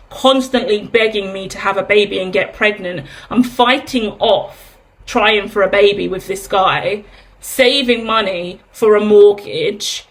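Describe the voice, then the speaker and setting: A woman's voice: fairly high pitch, a bit bright. Candid chatty woman tarot reader. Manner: candid, chatty, rhetorical questions, swears. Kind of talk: casual tarot reading monologue.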